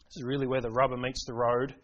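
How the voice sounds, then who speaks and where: A man's voice: mid-range voice, little pitch movement, fast, highs cut off. A man preaching a sermon, earnest and emphatic, putting rhetorical questions to his congregation.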